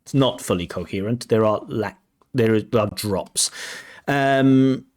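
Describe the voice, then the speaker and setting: A man working as a language test examiner, giving spoken feedback in a measured, think-aloud way and correcting himself as he goes. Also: lowish voice, a little mellow. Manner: measured, reads out band descriptors and questions them.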